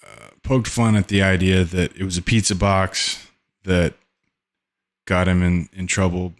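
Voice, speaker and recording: Slow, deep-voiced man musing. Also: little pitch movement. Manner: halting, searching for words. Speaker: podcast host. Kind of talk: casual solo commentary.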